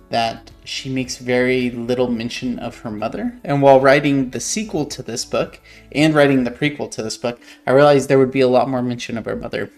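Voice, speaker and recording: A man's voice: mid-range voice, vocal fry. A man, an author, reading passages from his own novel aloud and explaining his edits in a thoughtful, hesitant way, often correcting himself.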